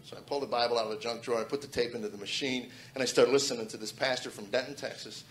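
A man's voice: mid-range voice, reverberant. A man in his forties telling an earnest personal testimony, often restarting his sentences. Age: 40s. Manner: earnest, halting with repeated restarts. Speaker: testimony speaker.

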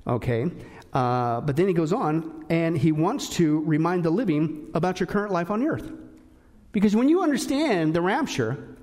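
A male pastor preaching a sermon in an emphatic, animated way, with frequent asides to his listeners. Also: fairly high pitch, moderate pace.

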